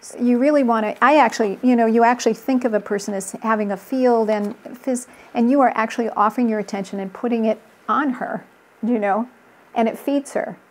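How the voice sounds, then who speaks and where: Speaking briskly in a fairly high voice, a middle-aged relationship coach gives a conversational interview. She tells earnest stories from her work, acting out the voices of the people involved.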